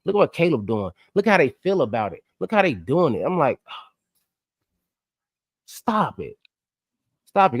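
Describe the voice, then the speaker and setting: A man co-hosting a sports podcast, ranting excitably and swinging between loud outbursts and quiet asides. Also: high-pitched, dry recording, studio quality. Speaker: podcast co-host. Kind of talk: animated sports podcast chat.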